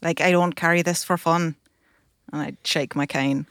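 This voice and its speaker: A woman's voice: low voice, steady tone, moderate pace, no room sound. A woman speaking in character during a tabletop role-playing game, with wry, dry warnings. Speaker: player voicing the character Kel.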